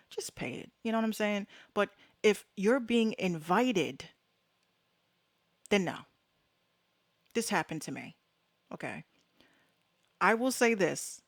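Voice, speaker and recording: Blunt, fired-up woman host, low voice. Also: no room sound. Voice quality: slangy, frank, swears freely. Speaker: podcast host. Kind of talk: casual solo talk.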